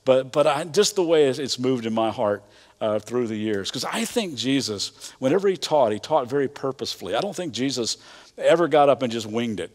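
A man preaching a sermon as a pastor, talking in a conversational, animated way with casual slang and repeated phrases. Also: medium pitch, brisk. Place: church auditorium. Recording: reverberant church hall.

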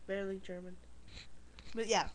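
A woman's voice: mid-range voice, steady tone, normal speed, poor audio. Chatty young woman on a webcam. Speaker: webcam vlogger. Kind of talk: casual chat. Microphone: webcam mic.

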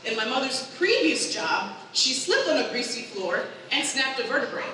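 Casting: woman stand-up comic, slightly high voice, lively storyteller, live in an echoey hall, heard from a distance. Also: normal speed. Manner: animated storytelling, acts out her mother's voice. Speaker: stand-up comedian. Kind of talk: stand-up comedy set. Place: comedy event hall with live audience. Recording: echoey hall, far from mic, audible room noise.

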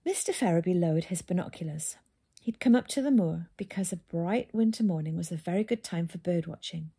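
A woman reads a children's book aloud with steady, calm storytelling. Her voice sits low and mellow, with a soft husky edge. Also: brisk. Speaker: narrator.

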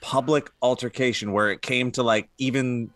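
A man's voice: medium pitch, fairly even intonation, moderate pace, a bit bright, dry recording. A man as a podcast co-host in casual chat, recalling an incident in a rambling way. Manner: rambling, trailing recollection.

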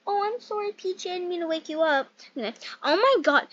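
Brief: high-pitched woman rambling through a building game, self-mocking and giggly. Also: animated, brisk, few pauses, a bit bright, no echo, lo-fi sound. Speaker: game YouTuber. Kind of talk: casual gameplay commentary.

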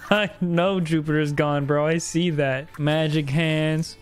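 A man's voice: a little high, slow pace, faint music behind. A young man streaming a co-op game, joking, laughing often and freestyling nonsense rhymes. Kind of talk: casual gaming banter with freestyle rhymes.

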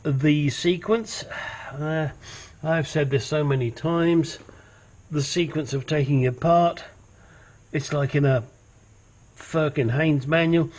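Man, husky voice, slow unhurried delivery, casual car repair walkthrough. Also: fairly high pitch, steady tone, darkish tone. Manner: chatty, swears casually, rambles with asides; puts on a silly accent at times. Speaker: home mechanic channel host. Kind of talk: casual how-to narration while working.

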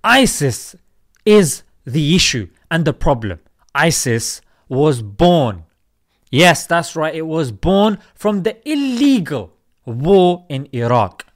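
A man delivering a heated commentary monologue. His voice sits high and moves a lot, rising sharply on questions. He pushes each point with emphasis and a conversational edge. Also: takes it slowly. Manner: animated, emphatic, rhetorical questions. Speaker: host. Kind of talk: opinion vlog commentary.

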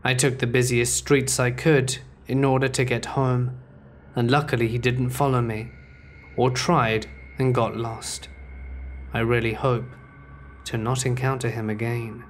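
A man's voice: mid-range voice, slight background noise. Man narrating scary stories. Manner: measured, steady first-person storytelling. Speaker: horror story narrator.

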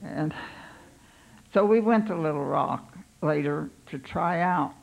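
Gravelly older woman telling her story. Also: sits low, low-quality recording. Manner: unhurried, halting, recounts her thoughts aloud. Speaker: pastor's wife. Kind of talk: personal life story.

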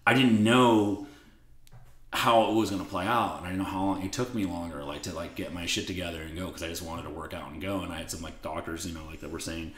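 Profane, animated man in an echoey room. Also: low voice, fast talker. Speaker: podcast guest. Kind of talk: casual interview storytelling.

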